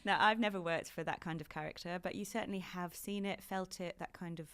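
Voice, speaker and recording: A woman's voice: lowish voice, fairly even intonation, fairly quick, a bit bright, clean tone. A British woman in her thirties, a fashion journalist chatting animatedly as a podcast guest and laughing often. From Britain. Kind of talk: casual interview chat.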